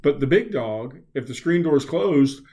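A man in casual conversation, telling anecdotes in a halting way with many pauses and chuckles. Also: medium pitch, lively intonation, dark tone. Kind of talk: casual chat.

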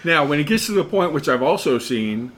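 Middle-aged male co-host, bright and slightly high voice, rambling storyteller. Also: fairly quick. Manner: rambling, animated when quoting others. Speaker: podcast co-host, former car salesman. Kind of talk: casual storytelling chat.

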